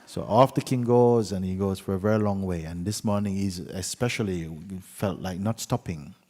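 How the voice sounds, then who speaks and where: A man with a very low, husky voice tells a story gently and without hurry. His lines often fade to near-quiet endings. He speaks in a retreat hall with a long, lingering reverb. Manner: gentle, unhurried storytelling with soft trailing endings. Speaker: spiritual teacher.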